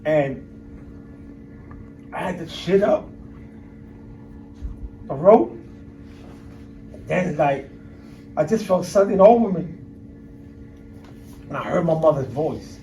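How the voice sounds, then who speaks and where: A man's voice: a little high, expressive, takes it slowly, pauses often, mellow, a little hiss or hum. Blunt streetwise man, heard from afar. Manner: blunt, streetwise, emphatic with profanity. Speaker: guest speaker. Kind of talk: candid storytelling talk to an audience. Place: university lecture room. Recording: voice picked up from a distance.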